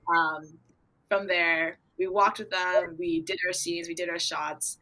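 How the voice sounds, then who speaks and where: A teenage girl answering interview questions in a bubbly, storytelling way, acting out her own excited reactions. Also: on the low side, unhurried, very noisy. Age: teens. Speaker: young equestrian guest.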